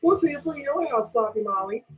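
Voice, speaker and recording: A woman's voice: high voice, animated, fast talker, music in the background, poor audio. A woman ranting in blunt, repetitive commentary, often asking "right?" and swearing casually. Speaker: commentary vlogger.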